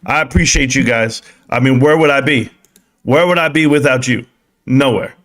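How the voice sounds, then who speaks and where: A man hosting a casual stock market live stream, rambling and joking as he gives shout-outs to his viewers. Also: mid-range voice, moderate pace.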